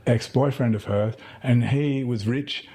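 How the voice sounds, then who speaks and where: A middle-aged man with a husky, mellow voice wanders through anecdotes in a relaxed interview. His tone is dark and breathy, and he keeps stopping to restart his sentences. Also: medium pitch, a little slow. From Tasmania, Australia. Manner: rambling storyteller with many fillers and restarts. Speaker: guest. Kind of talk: casual conversational interview.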